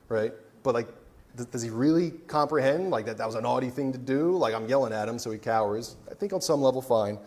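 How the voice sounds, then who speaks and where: A man preaching a casual sermon in a conversational way. He keeps checking in with "right?" and adds joking asides. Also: mid-range voice. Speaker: pastor.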